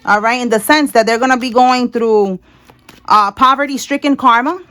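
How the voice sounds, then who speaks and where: A woman's voice: a little high, moderate pace, fairly bright tone. Blunt, emphatic woman reading tarot. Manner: blunt, emphatic, swears freely, repeats "all right?". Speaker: tarot reader. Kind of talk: casual tarot reading to viewers. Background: people talking in the house.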